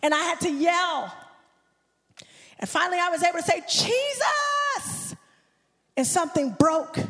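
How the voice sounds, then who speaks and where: A woman preaches a fervent sermon as a guest speaker, her voice very high as it climbs into shouts and a sung, rhythmic cadence. Long reverb from the church hall trails behind every phrase of her handheld-mic delivery. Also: a little fast. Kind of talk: impassioned sermon. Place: church sanctuary. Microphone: handheld microphone.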